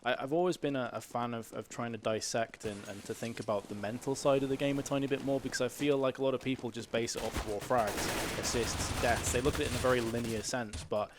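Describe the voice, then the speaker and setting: A male esports caster rattling off play-by-play at high speed. He grows excited as the action builds. Gunfire from the game sits clearly beneath his voice. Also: fairly quick, few pauses, background noise. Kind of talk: fast live game commentary.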